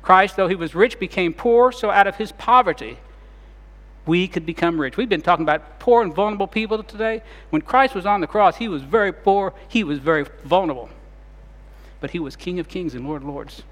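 A man preaching a sermon as pastor, retelling scenes dramatically and shifting between loud and soft delivery. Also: sits high, a little fast, in a large hall.

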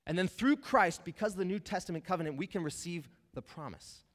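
A man preaches with emphasis in a conversational sermon, speaking right to his audience as "you guys." He talks fairly quickly in a high-pitched voice, and the hall adds long reverb.

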